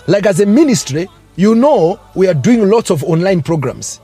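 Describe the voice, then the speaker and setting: A man's voice: sits high, very animated, moderate pace, dark tone, breathy edge, soft background music. A man preaching a fervent sermon, breaking into tongues and rising exclamations.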